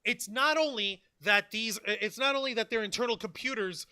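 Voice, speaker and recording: A man co-hosting a live online news chat show, talking in an animated, excitable way with quick asides. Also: high voice, crowd noise. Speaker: podcast co-host.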